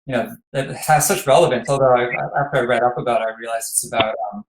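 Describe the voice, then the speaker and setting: A man's voice: medium pitch, fairly even intonation, fast talker, noisy background. Chatty male interviewer, echoey room. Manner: chatty, hesitant with many ums. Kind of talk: casual interview chat. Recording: roomy echo.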